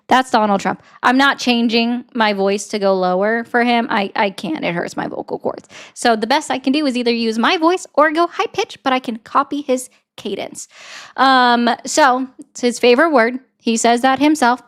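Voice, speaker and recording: A woman political commentator, arguing and explaining at a quick, assertive clip. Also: a little high. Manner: rapid, assertive, lecturing.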